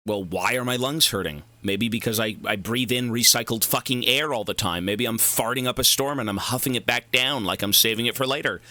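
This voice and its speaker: A man's voice: lowish voice, bright, forceful tone, no room sound. A young man streaming a game, chatting casually, rambling and cursing as he goes off on side tangents. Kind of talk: casual livestream chat while gaming.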